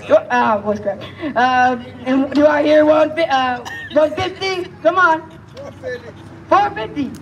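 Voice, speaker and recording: High gravelly coaxing auction caller. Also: male voice, slow pace, some chatter behind, a little hiss or hum, rough recording. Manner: coaxing, pleading for bids, repeats prices. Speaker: amateur auctioneer. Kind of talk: live auction calling.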